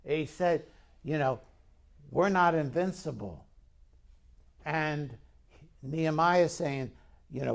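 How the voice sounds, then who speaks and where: Slow, gravelly preaching man. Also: on the high side. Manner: asks the congregation questions, storytelling tone. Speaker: pastor. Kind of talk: conversational sermon.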